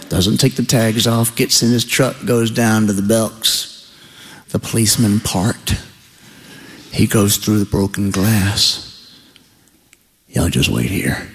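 Folksy Southern storyteller, ringing hall. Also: male voice, mid-range voice, a little hiss or hum. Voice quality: folksy, animated, comic. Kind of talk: live stage storytelling. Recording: long hall reverb.

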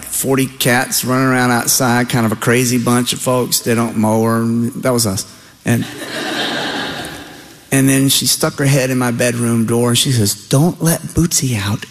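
Folksy Southern storyteller, ringing hall. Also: male voice, medium pitch. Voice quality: folksy, animated, comic. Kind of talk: live stage storytelling. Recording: long hall reverb.

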